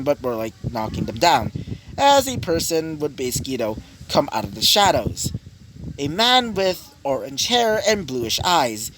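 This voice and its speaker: A man improvising a fan story aloud, rambling with many fillers and restarts. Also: on the high side. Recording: noisy home recording.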